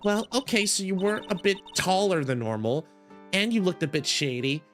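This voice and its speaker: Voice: medium pitch, moderate pace, fairly bright tone, soft background music, lightly acted. A streamer voicing an eager, polite young woman who keeps calling people sir, reading a game aloud. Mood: chirpy. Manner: chirpy, polite, says sir. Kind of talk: reading a visual novel aloud.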